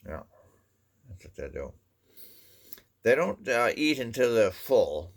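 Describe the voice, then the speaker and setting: A man's voice: medium pitch, very animated, takes it slowly. A man from Maine with a Maine accent, rambling through a casual folksy monologue, full of "you know" and restarts. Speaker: vlogger.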